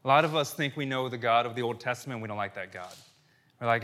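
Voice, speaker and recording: Male pastor in his thirties, mid-pitched, casual sermon delivery with big shifts from loud to hushed. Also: fast talker. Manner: conversational, animated preaching that swings loud and soft.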